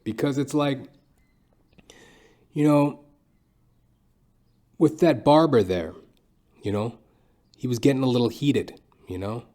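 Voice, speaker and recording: A man's voice: medium pitch, takes it slowly, long pauses, warm tone. A young man hosting a podcast, telling a rambling, profane comic story in a casual monologue full of fillers. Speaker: podcast host. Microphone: podcast microphone.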